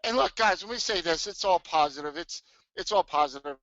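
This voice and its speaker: A middle-aged man hosting a live trading webinar from his home, talking in an excitable, hyped way full of restarts. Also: high-pitched, fairly quick, no echo. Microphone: webcam mic. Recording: dull lo-fi webcam audio.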